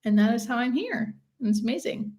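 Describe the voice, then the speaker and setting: A woman's voice: a little high, lively intonation, a little fast, warm tone. A woman, a hospice nurse, hosting a casual live stream, chatting and reading out viewer comments.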